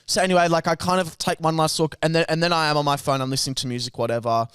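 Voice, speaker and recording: A man's voice: on the high side, fairly even intonation, rapid-fire, a bit bright, clean tone, no room sound, clean studio sound. A young Australian man co-hosting a podcast, telling a rambling, sweary anecdote in casual chat. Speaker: podcast co-host.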